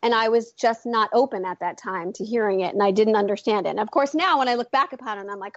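A woman's voice: medium pitch, fast talker, hardly any pauses, no echo, muffled recording. A woman in her forties, an author and intuitive, chatting as an interview guest and rambling through her story with many fillers and restarts.

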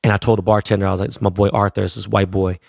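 Gravelly man spinning a profane street story. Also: low-pitched, little pitch movement, no echo, clean studio sound. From Los Angeles. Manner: profane, streetwise slang, quotes others in quick voices. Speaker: DJ and producer telling a story. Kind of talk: casual storytelling.

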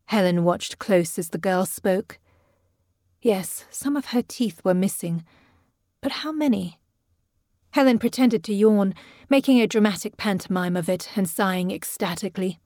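A woman narrating a gothic story in a measured, even audiobook reading. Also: mid-range voice, no echo, studio quality. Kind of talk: scripted narration.

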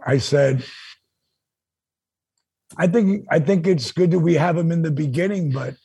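A man's voice: on the high side, a little slow, slightly rough, no room sound. A man co-hosting a podcast, telling a story in casual chat and acting out the dialogue with energy. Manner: animated, acts out quoted dialogue. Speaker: podcast co-host.

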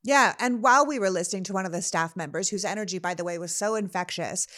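A woman hosting a podcast, telling a story in casual conversation, growing animated and enthusiastic. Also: mid-range voice, fast talker. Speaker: podcast host.

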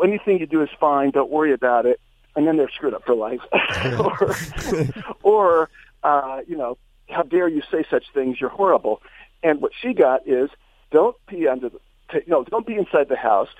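A male psychotherapist, a guest on a show, tells a personal story with animated shifts in his voice. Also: medium pitch, no echo. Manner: animated storyteller, voice rises for quoted lines. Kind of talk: anecdotal storytelling. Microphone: phone. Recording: tinny phone line.

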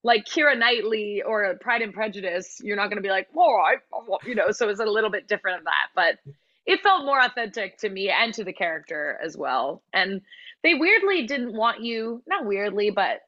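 A woman's voice: medium pitch, sing-song, moderate pace, pushed and bright, no room sound, dull audio. A woman, a musical theatre actress, chatting as a guest in an interview with lots of fillers and restarts. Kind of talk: casual interview chat.

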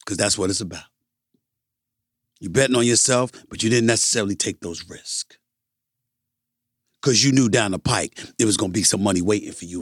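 A man's voice: low voice, slightly rough, dry recording, studio quality. A man, a sports commentator delivering an opinionated monologue with emphatic repetition. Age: 50s. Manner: emphatic, repeats phrases for punch, addresses "ladies and gentlemen".

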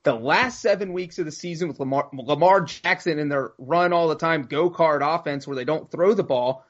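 A man's voice: on the high side, moderate pace. A man co-hosting a casual sports talk show, breaking down signings with numbers. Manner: analytical, citing stats. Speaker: sports podcast co-host. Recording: muffled lo-fi audio.

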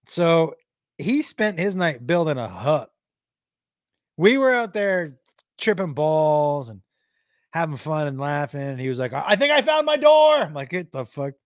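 A male comedian spins a rowdy stand-up story, swearing as he goes. His voice jumps all over the place, loud one moment and hushed the next. The sound is dry and close. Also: fairly high pitch, measured pace, pauses often, dry recording. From Texas. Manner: animated, profane, swings loud and quiet. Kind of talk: crowd-work stand-up storytelling.

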